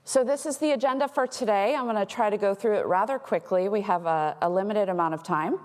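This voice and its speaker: A woman from Texas giving a conference talk as a threat intelligence analyst, explaining in a clear way with light humor. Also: mid-range voice, fairly quick, a little mellow. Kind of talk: conference presentation. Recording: long hall reverb.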